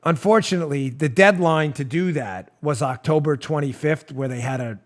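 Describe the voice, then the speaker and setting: A man's voice: on the high side, moderate pace. A man hosting a political talk show, telling a story in a mocking, theatrical way and often breaking into laughter. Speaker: host.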